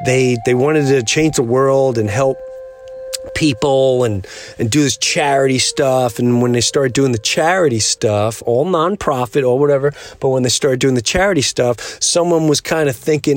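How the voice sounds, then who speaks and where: A man's voice: medium pitch, normal speed. A man hosting a podcast, talking in an earnest, rambling way and acting out the people he quotes. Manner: acts out quoted voices. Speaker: podcast host. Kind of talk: casual monologue.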